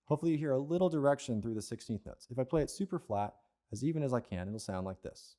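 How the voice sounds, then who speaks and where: A man's voice: medium pitch, animated, fast talker, loud music behind the voice. A man teaching an advanced percussion lesson, explaining patiently and checking in with "okay?" and "right?" as he goes. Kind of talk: instructional lesson.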